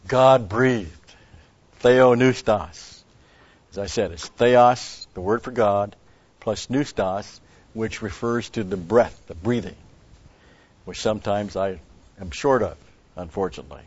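A man's voice: on the low side, takes it slowly, long pauses, darkish tone, husky, no room sound. A man giving a rambling Bible teaching, stressing key words and restarting his sentences. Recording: dull lo-fi recording.

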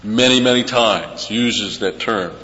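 A man preaching a verse-by-verse sermon, repeating key words slowly for emphasis. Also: lowish voice, pushed and bright. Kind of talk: expository sermon on scripture. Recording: dull echoey hall with faint hum.

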